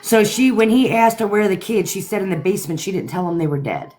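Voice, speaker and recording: A woman on a live stream reading out and summarizing a call transcript in a flat, matter-of-fact way. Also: mid-range voice, quick pace, rough recording. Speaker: live stream co-host recapping a trial. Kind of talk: casual live stream chat.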